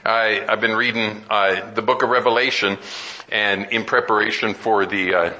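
A man's voice: lowish voice, fairly even intonation, moderate pace, pushed and bright, poor audio. A middle-aged man preaching a sermon, earnest and emphatic, often restarting and climbing to exclamations.

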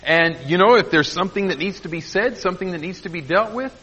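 A middle-aged man preaching a sermon in a folksy, earnest way, laughing softly at his own asides. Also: high voice, quick pace, slightly rough. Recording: muffled echoey church recording.

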